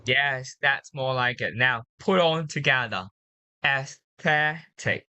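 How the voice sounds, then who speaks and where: A woman tutoring English pronunciation, patiently drilling words slowly and repeating them. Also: very deep voice, bright, forceful tone, dry recording. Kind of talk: one-on-one pronunciation coaching.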